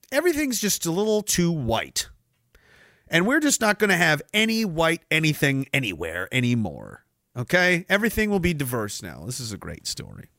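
A sarcastic man rants through his livestream, reading chat and news between outbursts. His voice sits a little high and swings widely in pitch. The sound is dry and close. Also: bright, forceful tone, dry recording. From Canada. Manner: sarcastic, ranting, swears freely. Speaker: livestream host.

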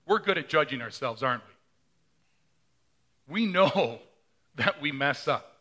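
A man's voice: fairly high pitch, lively intonation, slow, sharp tone. A middle-aged male pastor preaching a sermon in a conversational way, often asking the congregation questions.

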